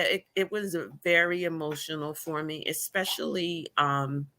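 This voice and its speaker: A woman's voice: low-pitched, fairly even intonation, unhurried, few pauses, bright, forceful tone. A middle-aged woman talking candidly with wry humor as a guest about her past with cancer, on a video call. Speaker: guest, cancer survivor blogger. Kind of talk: casual emotional conversation. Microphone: remote video call.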